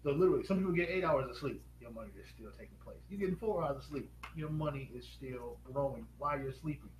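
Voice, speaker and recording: A man hosting a live stream pitch, upbeat and quizzing viewers with rapid questions. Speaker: host. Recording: echoey room with faint noise.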